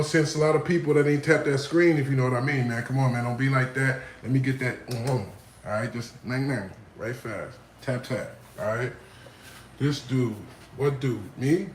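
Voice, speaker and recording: A man hosting a casual livestream, joking around and hyping up his viewers. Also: mid-range voice. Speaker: livestream host. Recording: roomy room with faint ambience.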